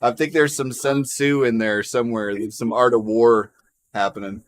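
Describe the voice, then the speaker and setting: A man's voice: mid-range voice, fairly even intonation, normal speed. A man hosting a casual livestream chat, joking around, laughing often and reading out viewer comments. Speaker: livestream host.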